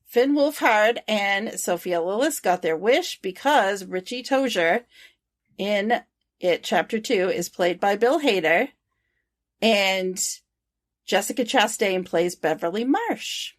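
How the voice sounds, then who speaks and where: A woman's voice: medium pitch, lively intonation, slow pace. A woman co-hosting a podcast, reading prepared trivia and chatting loosely. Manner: reads prepared trivia, then chats loosely. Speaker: podcast co-host. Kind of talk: reading notes and casual chat.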